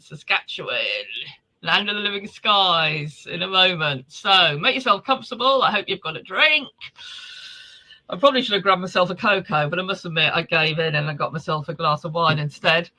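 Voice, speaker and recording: Bright, high-voiced chatty male host. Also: low-quality recording. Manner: chatty, greeting viewers one by one by name. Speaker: host of a virtual reader event. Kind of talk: casual live webinar welcome. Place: home. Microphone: video call.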